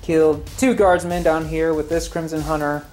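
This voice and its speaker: A man's voice: on the high side, level tone, normal speed, a little mellow, soft background music. A man narrating a tabletop wargame battle report, giving a dry, wry play-by-play of each move. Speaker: wargame player.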